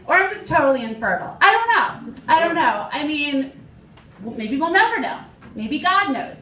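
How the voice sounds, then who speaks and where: A woman's voice: high voice, sing-song, normal speed, bright, forceful tone, recorded from a distance, a little hiss or hum. A young woman from Philadelphia performing a stand-up comedy set in a dry, self-deprecating manner. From Philadelphia, USA. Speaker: stand-up comic. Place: comedy club stage. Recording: echoey club, mic from afar.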